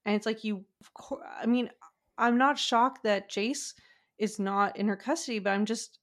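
A woman's voice: on the high side, normal speed, fairly bright tone. A woman guest on a podcast in casual chat, hedging, laughing often and restarting her sentences as she recounts.

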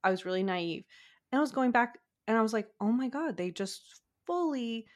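A woman's voice: fairly high pitch, expressive, moderate pace. A woman guest on a podcast in casual chat, hedging, laughing often and restarting her sentences as she recounts.

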